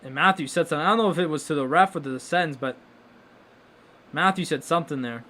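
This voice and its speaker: A young man calling a hockey game live for his watchalong stream, talking casually between plays. His voice sits a little high and jumps into loud, excited outbursts when a chance comes. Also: fast. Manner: excitable play-by-play, bursts of loud exclamations. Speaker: watchalong host.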